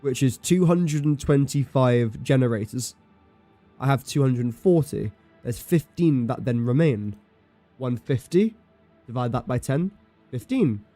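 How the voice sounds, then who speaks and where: A man's voice: medium pitch, expressive, measured pace, warm tone, faint music behind. A man streaming a building game, chatting casually and thinking aloud as he counts, does sums and teases himself. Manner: thinks aloud, counts and does sums under his breath, self-mocking. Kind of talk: casual live-stream commentary.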